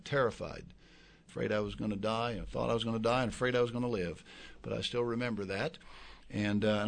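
An older man preaching a sermon to his congregation, moving between quiet, reflective asides and loud, emphatic outbursts, often repeating words as he builds a point. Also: gravelly. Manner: impassioned, swings from low asides to loud emphatic peaks. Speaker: pastor.

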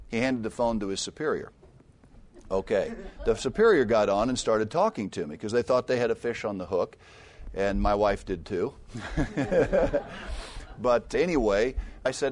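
An older man preaches, weaving personal stories with scripture, dipping into quiet asides and building to loud, emphatic peaks. His voice is fairly low, at a moderate pace.

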